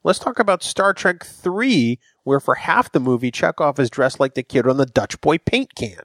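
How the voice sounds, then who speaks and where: A man's voice: mid-range voice, expressive, moderate pace, fairly bright tone, no room sound. Wry man with blunt opinions. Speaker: podcast co-host. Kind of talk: casual fan discussion.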